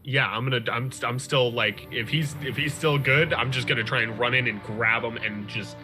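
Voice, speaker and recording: Bright-voiced man stammering as a player. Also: medium pitch, fairly even intonation, faint music behind. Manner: halting, stammering. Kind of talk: tabletop game play.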